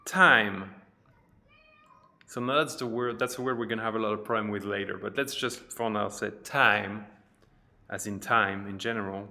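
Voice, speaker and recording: A man teaching a pronunciation lesson, repeating each phrase slowly and carefully, with chatty teaching asides. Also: fairly low pitch, steady tone, gravelly, sharp tone. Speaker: French teacher.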